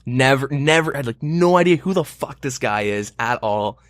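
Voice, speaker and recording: A young podcast co-host with a medium-pitched, lively voice speaks at normal speed, recorded dry with studio quality. In casual chat he tells a long story, rambling with many fillers and swearing often.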